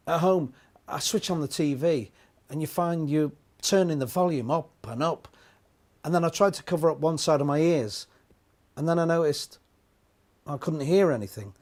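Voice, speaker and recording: Working man with mild hearing loss, plain and measured voiced by an actor. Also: fairly high pitch, a little mellow. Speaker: actor voicing a working man's testimony. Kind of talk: scripted testimony monologue.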